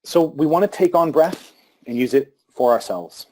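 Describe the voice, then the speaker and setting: A man giving a live talk to an audience about meditation and breathing, speaking calmly with pauses and restarts. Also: fairly high pitch.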